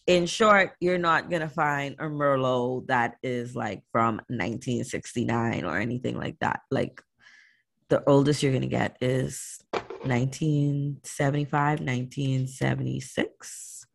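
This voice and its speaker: Steady podcast host reading wine history. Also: mid-range voice, a little slow, gravelly. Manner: reads steadily, then drops into slangy asides. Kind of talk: reading scripted wine history, then casual chat.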